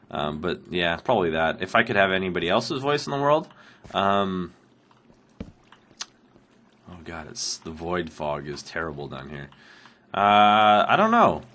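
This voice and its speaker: A Canadian man with a low, pushed, bright voice plays Minecraft while sick, answering viewer questions in a rambling way full of ums and laughs. There's slight background noise behind his casual gameplay commentary.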